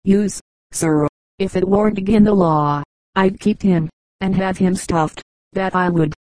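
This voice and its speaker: A woman's voice: mid-range voice, fairly even intonation, a little slow, no room sound, close to an everyday voice, rough recording. A woman reading a tearful, blunt laborer father. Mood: grief-stricken. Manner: tearful, blunt, loud outburst. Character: grieving English laborer father, rough, devoted.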